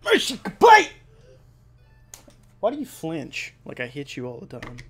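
Excitable, joking gameplay host, man. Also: mid-range voice, a little fast, over music. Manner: joking, excitable, cursing freely. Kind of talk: casual let's-play commentary.

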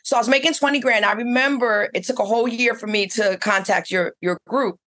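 A woman's voice: fairly high pitch, a little fast, sharp tone. A middle-aged woman who owns a spa, telling her story in a casual interview with eager, rambling restarts. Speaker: spa owner and esthetician.

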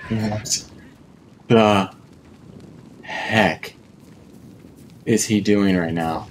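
A man's voice: deep voice, drawn-out words, pauses often, a little hiss or hum. A man from North America giving casual commentary as he streams a survival game, chatting to himself and to the creatures and often repeating words. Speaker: gaming streamer.

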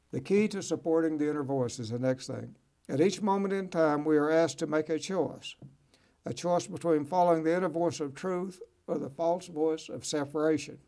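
A man with a slightly high voice hosts a motivational talk show. He reads passages and then preaches on them in an encouraging, folksy way, checking in with his listeners as he goes. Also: dark tone. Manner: preachy, encouraging, folksy asides like "right?" and "okay?". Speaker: host. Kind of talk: motivational talk show, reading from a book and commenting.

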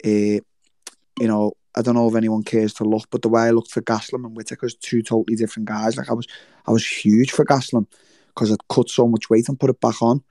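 Male guest, warm low tone, animated and profane, dry close sound. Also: fast, no echo. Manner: swears freely, animated storytelling with quoted voices. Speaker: guest fighter. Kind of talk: casual interview chat. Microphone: remote livestream call.

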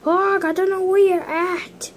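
A woman voicing a panicked, injured hero who yells frantically for help while role-playing game characters. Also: level tone, unhurried, slight background noise. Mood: frantic, pained. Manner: shrill, frantic yelling.

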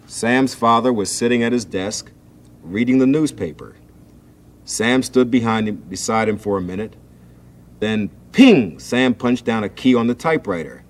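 A man hosting a 1960s children's show, reading a storybook aloud in a gentle, expressive way. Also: mid-range voice, normal speed. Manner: gentle, expressive storytelling, acting out the family's voices. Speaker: children's TV host. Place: TV studio set.

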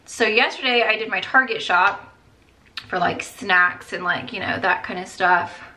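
A woman in her thirties talks through her makeup routine to her viewers in a loose, rambling way, leaning on "like" and "you guys." She is worn down by a headache, yet her voice stays bright and forward, at a middling pitch. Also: unhurried, a little hiss or hum. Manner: chatty, lots of "like" and "you guys". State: tired, with a headache. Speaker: beauty vlogger. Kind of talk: casual chat while doing makeup.

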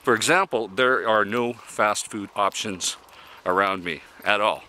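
A man's voice: lowish voice, unhurried, sharp tone. A man in his fifties from Canada, talking casually and bluntly in a folksy, opinionated monologue and chuckling at his own jokes. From Canada (Yukon). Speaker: vlogger living in an RV.

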